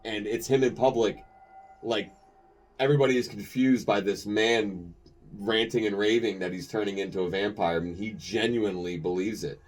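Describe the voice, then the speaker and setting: A man's voice: on the low side, fairly even intonation, moderate pace. A man co-hosting a podcast in casual chat, rambling and enthusiastic, often breaking into laughter. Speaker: podcast co-host.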